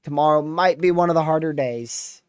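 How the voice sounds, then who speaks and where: His voice sits on the high side, clean and at a normal speed, with no room sound. An exhausted storm chaser yawns while hosting a weather livestream, lazily rambling through a recap of the last few days with lots of fillers.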